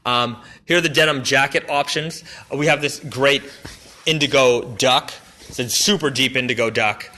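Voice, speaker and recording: Through a phone or camera mic, a man representing a brand shows off new clothes on a live stream, eager and meandering, with plenty of fillers and false starts. His voice is mid-range, bright, and forceful, at a moderate pace.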